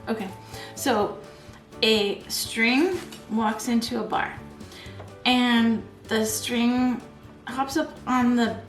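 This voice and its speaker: A middle-aged woman talks her way through a craft project in a loose, rambling way, laughing at herself as she goes. Her voice sits a little high. The room is echoey, with soft music underneath. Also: extremely slow. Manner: chatty, rambling, giggly self-deprecating. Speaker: craft vlogger. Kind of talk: casual chat while crafting.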